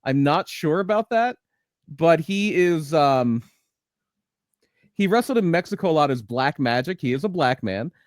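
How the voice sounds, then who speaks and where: Animated male podcast co-host. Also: on the high side, unhurried, dry recording, studio quality. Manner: animated, enthusiastic, stammers on restarts. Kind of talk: casual wrestling podcast chat. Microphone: video call from a computer.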